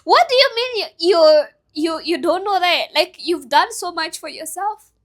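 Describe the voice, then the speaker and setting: A woman voicing her supportive male therapist in her own bright, high voice. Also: expressive, moderate pace. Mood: encouraging.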